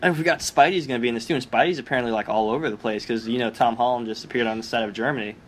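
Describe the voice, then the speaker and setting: A man's voice: mid-range voice, rapid-fire. Laughing man, faint hum behind. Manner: laughs often, many fillers like "like". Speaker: podcast co-host. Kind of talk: casual chat.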